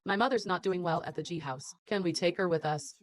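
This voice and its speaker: A woman's voice: fairly low pitch, brisk, close to an everyday voice. A woman dubbing a determined young bride in a drama, speaking in a firm and earnest manner. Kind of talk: dubbed drama dialogue.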